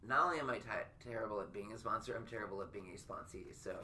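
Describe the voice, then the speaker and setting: Man, podcast host, low voice, bright and forceful, rambling, stammering, self-deprecating, faint ambience. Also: fast, slight background noise. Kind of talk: casual chat.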